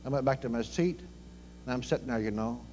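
A man preaching in a folksy manner, telling stories and acting out the dialogue, swinging between quiet murmurs and loud cries. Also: medium pitch, quick pace, slight background noise. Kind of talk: storytelling sermon.

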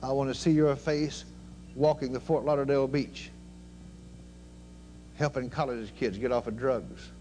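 An older man preaching a sermon in a fervent, folksy manner, swinging between loud exclamations and low murmured prayer. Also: fairly even intonation, unhurried, pauses often. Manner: folksy, with plain everyday grammar. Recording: faint hum behind the voice.

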